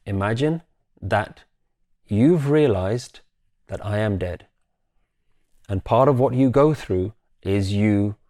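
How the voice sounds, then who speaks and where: A man giving a reflective spiritual talk, gently asking questions and leading the listener through guided imagery. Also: medium pitch. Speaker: spiritual teacher.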